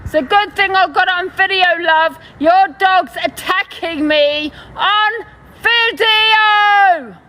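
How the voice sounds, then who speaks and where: A woman's voice: very high-pitched, takes it slowly, rough recording. A woman live-streaming outdoors from her phone, talking in a heated, mocking way and swearing freely. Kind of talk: confrontational street live stream. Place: outdoors on a city street. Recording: phone with loud street noise.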